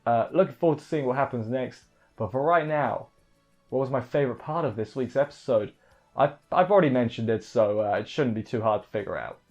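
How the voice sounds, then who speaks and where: Male reviewer, mid pitch, loose self-correcting delivery, dull recording. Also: fairly quick, a little mellow, soft background music. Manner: rambling, off-the-cuff, self-correcting. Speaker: anime reviewer. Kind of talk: casual spoken review.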